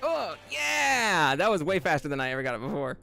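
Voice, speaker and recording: A male streamer with a slightly higher voice and vocal fry chats loosely and briskly with viewers while playing a platformer, very animated throughout. He reads messages aloud and erupts into loud, high laughter, with faint music in the background.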